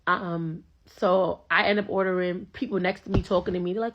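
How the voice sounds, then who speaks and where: A woman's voice: fairly low pitch, steady tone, a little fast, hardly any pauses, a bit bright, highs cut off. A young woman casually telling a first-date story, full of fillers and quoted back-and-forth. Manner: chatty, filler-heavy retelling with quoted dialogue.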